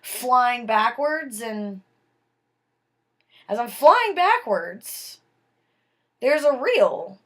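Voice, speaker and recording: Bright slow-talking woman telling a story. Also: a little high, sing-song. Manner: dramatic, slow and deliberate, drops to a hush for tense moments. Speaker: vlogger telling her own story. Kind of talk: personal storytelling, casual.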